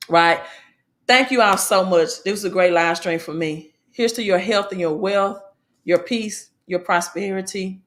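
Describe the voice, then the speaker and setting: Woman, livestream host, bright tone, animated, preachy, casual talk. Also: fairly low pitch. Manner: animated, preachy, self-correcting.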